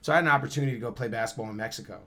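A man, telling a story as a guest in a casual interview, slangy and animated, acting out the dialogue. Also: medium pitch, racing. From Camden, New Jersey.

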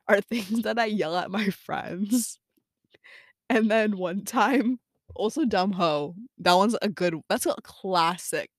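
Speaking at a measured pace in studio-quality audio without echo, a young podcast host with a medium-pitched voice keeps a casual audio diary. Her talk wanders, drifts into self-talk, and is filled with "um" and "like."

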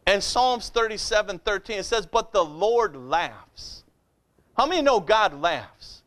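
Preaching a sermon, a pastor with a strikingly high, slightly bright voice talks in a direct, conversational way. He's expressive and unhurried, often calling out "Amen?" to pull the congregation in.

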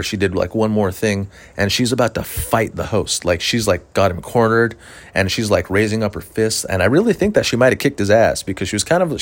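A man, a stand-up comedian, telling a story in a rambling, profane, casual way with lots of fillers. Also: fairly low pitch.

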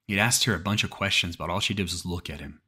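A man's voice: low voice, fast talker, sharp tone, breathy edge. A man narrating a creepypasta horror story in a cursing, casual way, often restarting mid-sentence.

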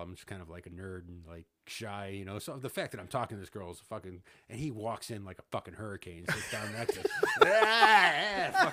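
A man in his thirties telling a story in a casual podcast chat, laughing often, swearing and acting out what people said. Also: fairly low pitch. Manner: laughing, swearing, acts out quotes. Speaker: podcast host.

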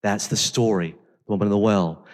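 A man preaching a sermon as pastor, talking conversationally and swinging between intense emphasis and quiet storytelling. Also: fairly low pitch, steady tone, fairly quick, in a large hall.

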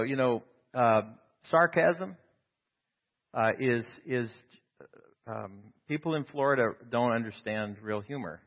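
A middle-aged man, a professor, tells loose, rambling stories to a group in a relaxed, wry way. He slips into snatches of acted-out dialogue, and the recording sounds a little dull and lo-fi. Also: mid-range voice. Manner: rambling, self-deprecating humor, acts out dialogue. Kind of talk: casual storytelling to a group.

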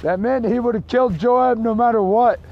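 A man preaching outdoors in a park, telling a story slowly and deliberately, dropping his voice for the quoted lines. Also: very high-pitched, gravelly, lo-fi sound. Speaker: street preacher. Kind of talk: sermon storytelling.

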